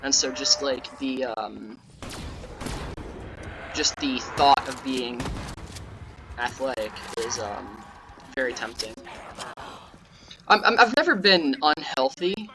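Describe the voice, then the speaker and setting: A young man giving casual, rambling gameplay commentary that breaks into sudden yelling at the game. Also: medium pitch, expressive, slow pace, long pauses, noisy background. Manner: rambling, offhand, with sudden yelled outbursts at the game. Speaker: gaming YouTuber.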